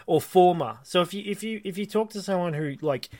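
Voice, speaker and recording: A podcast co-host with a high, bright voice talks briskly in a casual chat, rambling and restarting his sentences as he tells stories. The recording is dry.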